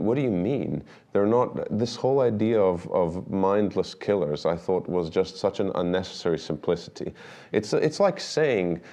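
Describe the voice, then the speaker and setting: A middle-aged man, a documentary filmmaker, telling stories in a relaxed interview and acting out the dialogue he quotes. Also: sits low. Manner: animated anecdotes, acts out quoted dialogue. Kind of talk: conversational storytelling interview.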